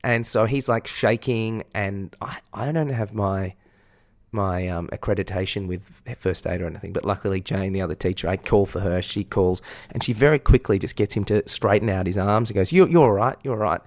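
Low-voiced Australian man telling a rambling story. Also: fairly even intonation, normal speed. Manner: rambling, self-mocking, swears freely. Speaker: podcast co-host and part-time teacher. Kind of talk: casual storytelling chat.

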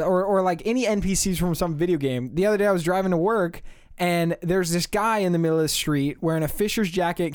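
A young man, a college student, hosting a podcast and telling stories in an animated, casual way. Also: no room sound, clean studio sound. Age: young adult. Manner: animated storytelling, rising pitch when excited. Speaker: podcast host.

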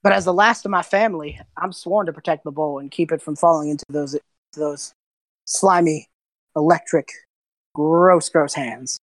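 A woman voicing a short, gruff old male lighthouse keeper with wild white hair, who talks bluntly and impatiently. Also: deep voice, moderate pace, no room sound, lightly acted.

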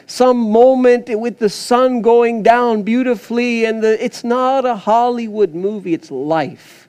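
A pastor preaching in a fairly high voice, telling his story in an animated, rambling way. He restarts his sentences often and fills pauses with "you know" and "uh". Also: clear, resonant tone. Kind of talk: sermon.

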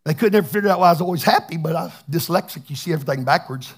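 Older male pastor, husky high voice, fervent sermon with shouted peaks. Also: racing. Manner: fervent, shouting in bursts, chatty asides. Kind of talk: Pentecostal sermon.

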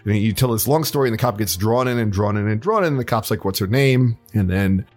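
Animated man retelling a game scene. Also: on the low side, quick pace, soft background music. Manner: animated, acts out characters' lines while retelling. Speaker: podcast co-host. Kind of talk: casual chat recapping a video game.

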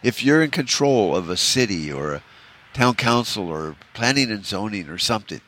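A man's voice: on the low side, lively intonation, normal speed, a bit bright. A man hosting a solo podcast, delivering a rambling, profane rant in a discouraged, bitter tone, full of "you know" fillers. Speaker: podcast host.

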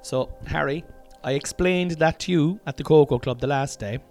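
A man's voice: a little high, moderate pace, gravelly, darkish tone, soft background music. An Irish man hosting a casual solo podcast from a room at home, rambling along, cutting himself off mid-sentence and swearing freely. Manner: rambling, self-interrupting, sweary and chatty. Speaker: podcast host.

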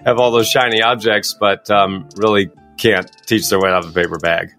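A middle-aged man talking as a guest in an interview, coaching and explaining his method in a quick, emphatic way. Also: fairly low pitch, soft background music. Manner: fast, energetic, emphatic. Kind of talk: interview answers.

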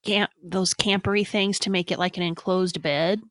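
A woman's voice: on the low side, fairly even intonation, moderate pace, fairly bright tone, no echo, studio quality. A woman guest-hosting a podcast, playful and laughing through casual banter. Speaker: guest co-host. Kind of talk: casual chat.

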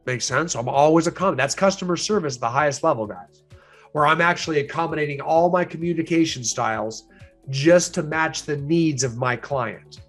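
A man with a slightly high voice coaches listeners on building rapport, switching into little acted voices as he goes. Faint music plays under his lively, hands-on delivery. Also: moderate pace. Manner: animated, acts out quoted voices, chuckles often. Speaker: sales and negotiation coach. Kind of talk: instructional talk.

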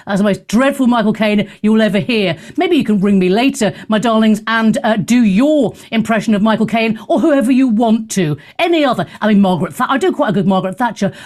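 A woman hosting a talk show, chatting casually in an animated, sarcastic and theatrical way. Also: a little high. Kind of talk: casual opinionated chat.

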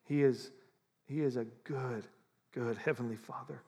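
A man preaching a sermon as pastor, animated and conversational, often acting out how people pray. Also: mid-range voice, unhurried, husky, in a large hall. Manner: animated, acts out prayers in mock voices.

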